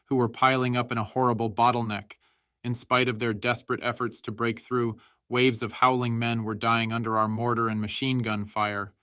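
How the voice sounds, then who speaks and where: Male audiobook narrator, measured, steady, bright voice, dry close sound. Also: medium pitch, no room sound.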